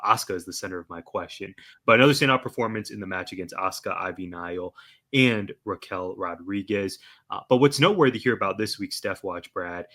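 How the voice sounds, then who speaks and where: A man co-hosting a wrestling podcast, introducing a segment with energetic, hype delivery. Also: lowish voice. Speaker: podcast co-host. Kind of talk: casual chat and segment hosting.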